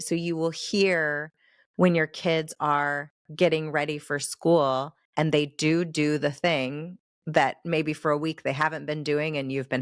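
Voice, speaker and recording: A woman with a low, deep speaking voice recorded close and dry, chatting as a podcast host. She reflects thoughtfully and gets animated when she voices inner thoughts. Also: no room sound. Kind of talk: conversational podcast talk.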